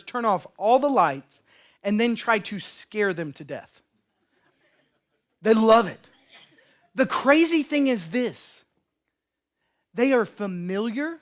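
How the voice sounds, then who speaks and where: A man preaching a sermon as a pastor, impassioned and storytelling, swinging between loud declarations and hushed lines. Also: sits high. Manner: storytelling with acted quotes.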